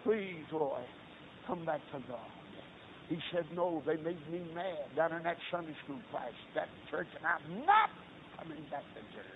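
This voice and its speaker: A man's voice: a little high, sing-song, a little slow. A man preaching, telling a story in a folksy way that rises to impassioned cries. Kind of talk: sermon illustration storytelling. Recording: tinny lo-fi line with faint hiss.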